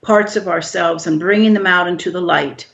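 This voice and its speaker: A woman guest explaining emotional healing in a calm, measured, gently instructive way. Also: lowish voice, gravelly. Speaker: guest expert on healing shame. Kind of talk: explanatory interview answers. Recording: dull lo-fi audio.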